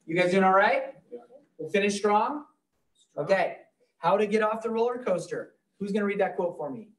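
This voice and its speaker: A man's voice: high voice, animated, moderate pace, recorded from a distance. A man leading a live real estate training class, talking loosely and joking with the room.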